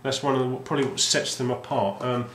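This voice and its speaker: Man, casual collector chat, hesitant, lots of restarts, mid-pitched, echoey room. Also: level tone, quick pace, fairly bright tone, a little hiss or hum. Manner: rambling, hesitant, many ums and restarts. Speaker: game collector. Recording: roomy sound with faint ambience.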